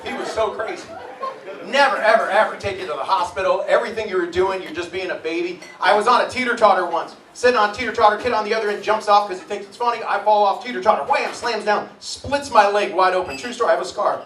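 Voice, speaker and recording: Brash, crude male stand-up comic, forties, high voice; distant echoey pub recording, noisy crowd. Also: quick pace, a bit bright. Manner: brash, crude storytelling with punchy one-liners. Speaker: stand-up comedian. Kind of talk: live stand-up comedy. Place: pub stage in front of a live audience. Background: audience laughter and bar ambience.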